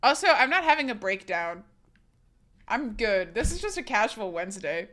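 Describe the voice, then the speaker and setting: A woman's voice: mid-range voice, sing-song, moderate pace, a bit bright. A young adult woman from the United States, chatting casually on a live stream in a giggly, rambling, self-mocking way.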